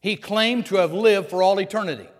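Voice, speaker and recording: A man's voice: high voice, fairly quick. A male pastor preaching a sermon, building to emphatic, rising declarations. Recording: long hall reverb.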